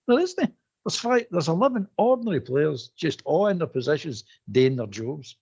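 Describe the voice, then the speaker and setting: A man's voice: a little high, moderate pace, dull audio. A man bluntly airing his views on a radio phone-in, repeating his points with heat. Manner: blunt, repetitive, animated. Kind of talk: casual phone-in opinion.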